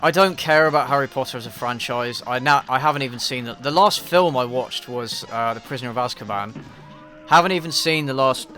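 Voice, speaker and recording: English man, bright voice, dry self-deprecating stream chat, faint music behind. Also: medium pitch. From England. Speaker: YouTube reviewer streaming a game. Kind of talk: casual live-stream chat answering viewers.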